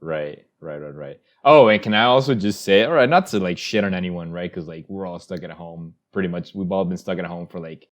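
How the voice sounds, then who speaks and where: A man's voice: sits low, brisk, hardly any pauses. A young man co-hosting a podcast, talking casually with rambling restarts and easy swearing. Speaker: podcast co-host.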